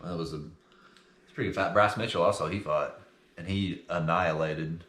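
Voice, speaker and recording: Young man, low voice, laughs a lot, casual swearing, echoey room. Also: steady tone, fairly quick, fairly bright tone. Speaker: podcast co-host. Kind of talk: casual chat.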